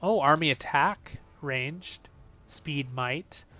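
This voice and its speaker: Excitable young man commentating a game. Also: on the high side, takes it slowly. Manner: excitable, chatty, swings between loud and soft. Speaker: game video host. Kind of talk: casual gameplay commentary.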